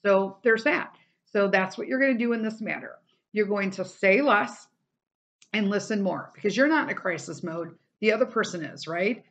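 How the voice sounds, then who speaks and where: A woman's voice: mid-range voice, normal speed, a bit bright, muffled recording. A middle-aged woman hosting a podcast, giving casual advice in a chatty, emphatic way with lots of fillers. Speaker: podcast host.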